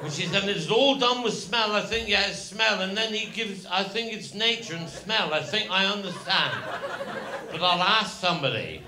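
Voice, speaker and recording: An older stand-up comedian from Cornwall, England, in his 70s, with a high-sitting voice and a Cornish accent, speaks at a moderate pace. On stage he tells a long, rambling comic story, repeating phrases in broad dialect. The echoey live venue is noisy, with audience laughter.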